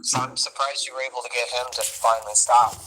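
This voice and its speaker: A man's voice: medium pitch, flat delivery, fast talker, sharp tone, slight background noise. A man on a casual call, speaking hesitantly and trailing off mid-sentence as he collects evidence. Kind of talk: casual phone conversation.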